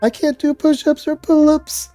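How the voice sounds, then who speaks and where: A man's voice: very high-pitched, level tone, moderate pace, warm tone, no echo, soft background music, voice pushed up. A man putting on the voice of a simpering, submissive woman coach, in a mocking singsong with an upward lilt. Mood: mocking meek.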